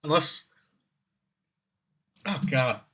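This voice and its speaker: Rambling man with a slightly high voice. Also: expressive, drawn-out words, fairly bright tone, slightly rough. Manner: rambling, swearing, full of fillers and restarts. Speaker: streamer reacting to videos. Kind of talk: casual reaction commentary.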